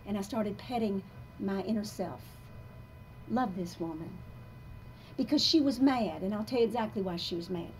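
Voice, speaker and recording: A woman of about sixty giving a live motivational talk to an audience in a coffee shop, emphatic and confessional, swinging between soft and loud. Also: mid-range voice, normal speed, long pauses, a little hiss or hum. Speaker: motivational speaker.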